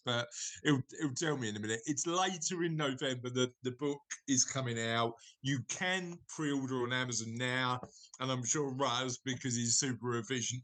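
A man hosting a casual podcast, his voice bright and forward. He rambles, restarts his sentences and keeps slipping in jokes. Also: mid-range voice. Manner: rambling, self-correcting, jokey. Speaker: podcast host. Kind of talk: casual chat.

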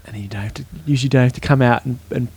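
A man with a New Zealand accent co-hosting a podcast, talking in a relaxed, chatty way with frequent "um" fillers. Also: medium pitch, rapid-fire, slightly rough. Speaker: podcast co-host. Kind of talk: casual chat.

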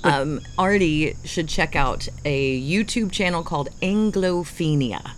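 A woman's voice: low-pitched, a little slow, a little hiss or hum. A woman in casual chat, playful and self-conscious, tripping over certain words.

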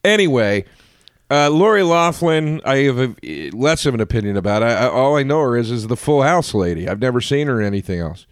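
Animated, swearing man in casual chat. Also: medium pitch, fairly quick, smooth, no echo, clean studio sound. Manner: animated storyteller, swears freely, acts out quotes. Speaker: podcast co-host.

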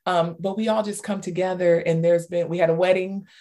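A woman author as an interview guest, telling stories with lots of fillers and bursts of excitement. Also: fairly low pitch, brisk. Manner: animated storyteller, many fillers, squeals in retold cheers. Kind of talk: casual interview talk.

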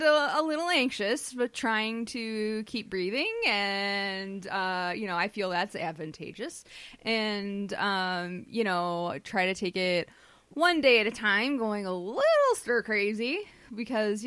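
Bright-voiced Minnesotan woman co-host. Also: mid-range voice, smooth, no echo. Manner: easygoing, a bit hesitant. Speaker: podcast co-host. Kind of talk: casual podcast banter.

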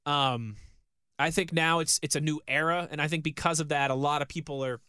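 Quick, bright-voiced male sports host. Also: fairly high pitch, steady tone, clear, resonant tone, dry recording, clean studio sound. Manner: rambling, repeats words while thinking. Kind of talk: casual sports talk.

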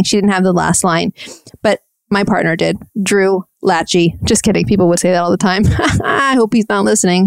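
A soft-spoken woman in her thirties hosts a podcast and tells an old story in a chatty, self-deprecating way. Her voice is smooth and clear, and the recording is dry and close with no room sound. Her pitch sits in a middle range. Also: dry recording. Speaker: podcast host. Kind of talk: casual storytelling recap.

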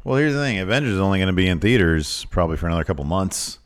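A man's voice: deep voice, expressive, racing. A man from the American South co-hosting a wrestling podcast in casual chat. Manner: reads previews in a hammy announcer voice. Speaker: podcast co-host.

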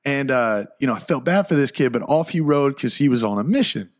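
Young male podcast host, medium pitch, excitable storyteller, slangy, prone to loud outbursts. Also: brisk. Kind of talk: casual solo podcast storytelling.

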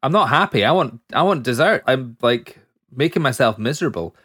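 A man co-hosting a podcast, chatting loosely and cracking jokes as he goes. His voice sits at an ordinary middle pitch. The recording is dry and close. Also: expressive, fairly quick, pushed and bright, breathy edge, dry recording. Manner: jokey, laughs often, trails off in lists. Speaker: podcast co-host. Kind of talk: casual chat.

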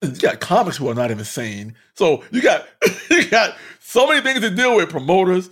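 Animated, profane comedian telling stories. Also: male voice, high-pitched, moderate pace. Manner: animated, profane, laughs often. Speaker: stand-up comedian. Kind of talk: casual storytelling.

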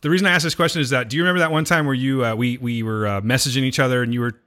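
An American man chats casually, telling stories and laughing along with them. His voice is bright and clear. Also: mid-range voice, fairly even intonation, racing. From United States. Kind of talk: casual chat.

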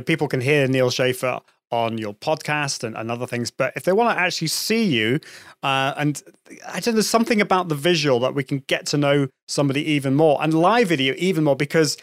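Guy hosting a live show, kinda high voice, rambly and chatty, dry close sound. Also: a bit bright, dry recording. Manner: chatty, rambling with restarts and small laughs. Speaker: host. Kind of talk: live show interview chat.

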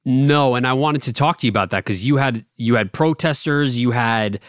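A man's voice: mid-range voice, normal speed, dry recording, studio quality. A young man co-hosting a podcast, asking blunt, profane, needling questions. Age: young adult. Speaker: podcast co-host. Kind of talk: casual podcast chat.

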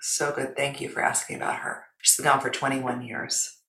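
A woman guest coach talking in an emphatic, expressive way that drops soft and breathy when she turns reflective. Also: very deep voice, normal speed. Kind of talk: expressive conversational interview. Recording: roomy echo.

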